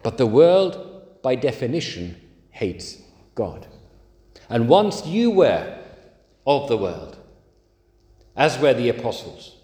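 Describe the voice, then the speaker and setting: A man preaching a sermon, leaning hard and slowly on key words. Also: medium pitch, sing-song, dark tone. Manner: emphatic, slow stresses on key words. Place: church. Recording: echoey church hall.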